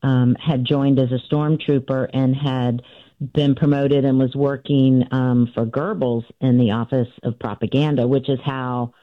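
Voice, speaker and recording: A woman in her sixties recounts a family story over what sounds like a narrow, tinny phone line. The sound is dry and close with no room around it. She talks in a loose, conversational way, pausing with "um" and restarting sentences as she goes. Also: very deep voice, flat delivery, no echo. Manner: recounts events with frequent fillers and restarts, acting out quoted voices. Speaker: author guest.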